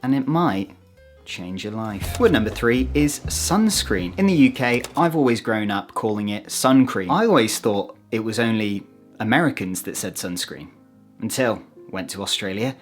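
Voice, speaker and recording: A British man talking to camera in a vlog, expressive and playful, with sudden jumps up in pitch for emphasis. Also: moderate pace, soft background music. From United Kingdom. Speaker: vlogger.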